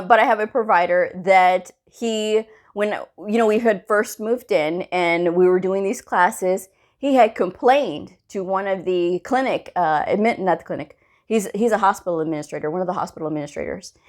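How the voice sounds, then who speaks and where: Chatty woman telling a story. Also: medium pitch. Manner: animated, acts out quoted dialogue, laughs often. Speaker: medical coding channel host. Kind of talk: casual storytelling to camera.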